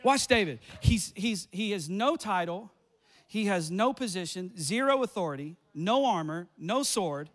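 A man preaching a fiery sermon, repeating lines and building up to shouts. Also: high-pitched, lively intonation, measured pace.

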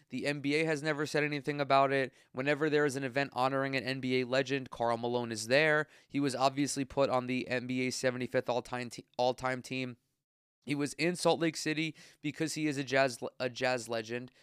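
A man hosts his own sports podcast, delivering blunt, profane, exasperated rants while audibly congested. His voice is smooth and resonant at a mid pitch. The sound is close and completely dry, with no room echo. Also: steady tone, a little fast, fairly bright tone. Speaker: podcast host. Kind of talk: solo sports opinion podcast.

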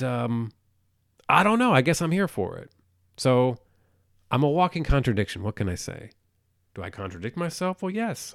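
A man's voice: medium pitch, no echo, clean studio sound. A man hosting a solo podcast, rambling in a crude, sarcastic, self-mocking way. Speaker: podcast host. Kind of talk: solo casual podcast rant.

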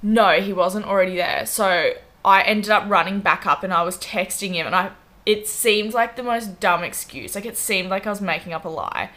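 An Australian woman in her twenties tells a story on her podcast with lively, quoted asides and a steady stream of "like". Her voice is bright and clear at a middle pitch. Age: 20s. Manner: animated, fast anecdotes full of "like" and acted-out quotes. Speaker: podcast co-host. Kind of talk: casual storytelling chat.

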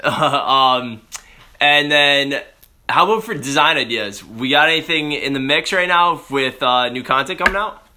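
A man hosts a loose, slangy chat with a strikingly bright, sharp voice. He talks in a relaxed way and laughs along with the others. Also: medium pitch, a little slow. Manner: laid-back, laughing, slangy. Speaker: host. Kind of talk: casual podcast chat.

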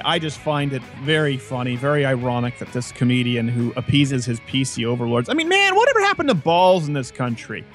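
A man hosting a comedic political talk show, loud and sarcastic, sometimes shouting in mock voices. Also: high-pitched. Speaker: podcast host.

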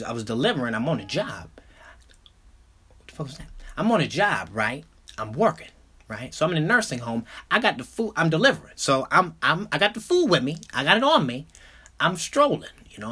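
A young man hosting a podcast, telling a comedic story casually, full of swearing, dropping into mumbled asides and jumping up into loud outbursts. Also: fairly high pitch. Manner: animated, profane, jumps between mumbling asides and loud outbursts. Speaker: podcast host.

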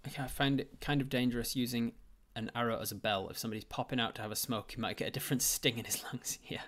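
Guy running a tabletop game on stream, rambly, lots of ums, normal pitch. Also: steady tone, quick pace, fairly bright tone. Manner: rambling, with frequent ums and restarts. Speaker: game master.

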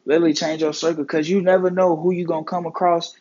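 A man's voice: a little high, little pitch movement, fast talker, a little mellow, highs cut off. A man hosting his own podcast, talking earnestly and casually about life and mental health, with plenty of swearing and slang. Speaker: podcast host. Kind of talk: casual motivational talk.

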